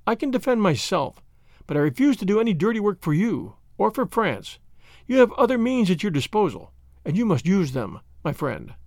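A man's voice: high-pitched, big pitch swings, normal speed, a little mellow, no room sound, clean studio sound. A man voicing a proud, spirited young noblewoman who is flippant and indignant in a storybook reading. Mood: haughty.

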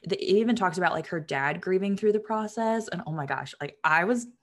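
A woman's voice: fairly low pitch, fairly quick. A woman co-hosting a casual book chat, talking in a chatty way with lots of filler words. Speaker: podcast co-host. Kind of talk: casual chat about books.

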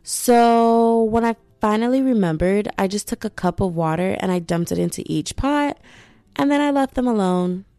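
A woman's voice: medium pitch, moderate pace, mellow, clean tone, no room sound, lightly acted. A woman putting on the voice of her flustered middle-aged mother, offhand and airy. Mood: breezy.

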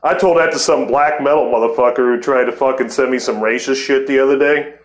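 A man's voice: mid-range voice, fairly even intonation, fast. A man in his forties hosts a podcast in a loose, heated way, swearing constantly and breaking into laughter. His voice rings out in a roomy, echoing space. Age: 40s. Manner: heated, cursing, laughing often. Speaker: podcast host. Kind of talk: profane casual chat.

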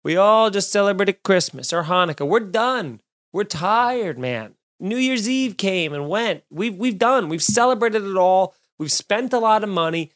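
High voiced guy in his 30s doing a snarky solo podcast bit, swings from loud to mumbling. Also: a little slow. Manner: animated, sarcastic, jumps between loud bursts and mutters. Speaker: podcast host. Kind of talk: solo comedic monologue. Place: home studio, recording alone.

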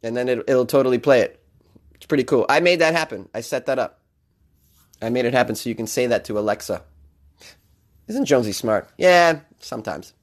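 A man's voice: medium pitch, animated, fairly quick, pauses often. A man hosting his own podcast in a loose, jokey, rambling way, often laughing at his own lines. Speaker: podcast host. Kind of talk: casual solo podcast chat.

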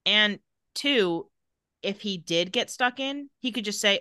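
A woman co-hosting a casual podcast, retelling TV scenes in an animated way and laughing often. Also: mid-range voice, clean tone, no room sound, studio quality. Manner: animated, laughs often, quotes characters in quick voices. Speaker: podcast co-host recapping a TV episode.

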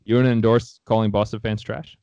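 A young man with a fairly low voice talks sports in a loose, blunt, opinionated way and swears freely. The sound is dry and close, with no room around him. He co-hosts the chat in a casual, offhand tone. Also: little pitch movement, brisk, a little mellow, dry recording. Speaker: sports podcast co-host.

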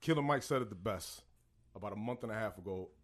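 A man in his thirties, co-hosting a podcast, telling a story in a casual, animated way and acting out the voices of the people he quotes. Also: on the low side, fast, crowd noise. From born in Texas, Puerto Rican family. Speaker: podcast co-host.

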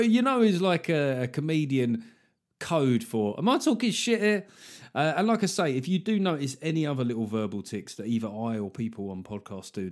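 A podcast host talks on his own show in a loose, joking style, drifting through tangents and small acted-out bits and quotes. His voice is mid-range with a darkish tone.

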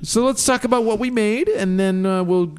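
A man's voice: high voice, moderate pace, smooth. A man co-hosting a podcast, chatting casually in an easygoing, teasing way. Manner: easygoing, teasing, lively intonation. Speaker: podcast co-host. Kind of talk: casual chat.

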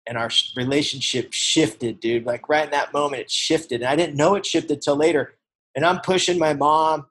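A man in his forties giving a personal recovery testimony, telling a family story earnestly, growing hushed at the tender parts. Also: on the high side, fairly even intonation, moderate pace, poor audio. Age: 40s. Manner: earnest, storytelling, shifts to hushed when emotional. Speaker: recovery speaker.

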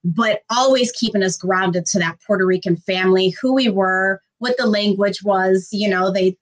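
A woman from Gary, Indiana, USA, reflects on her life story as a guest in a conversational interview. Her mid-range voice tells it warmly, growing animated when she quotes people, though the recording is rough.

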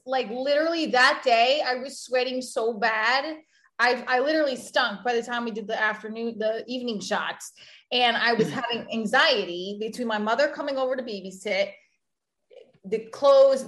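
A woman hosting and producing a show, chatting casually and animatedly in an interview. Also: on the high side. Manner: animated, laughs often. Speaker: host and producer.

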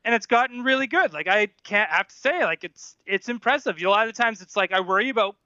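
High, bright easygoing male co-host. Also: lively intonation, fast talker, no room sound, lo-fi sound. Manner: easygoing, hedging. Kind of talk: casual livestream chat.

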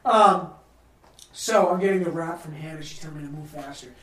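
A man's voice: a little high, a little fast, fairly bright tone, distant mic, slight background noise. Rambling, profane man in a roomy room. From New England. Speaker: podcast host. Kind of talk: casual chat. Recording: roomy sound from off-mic.

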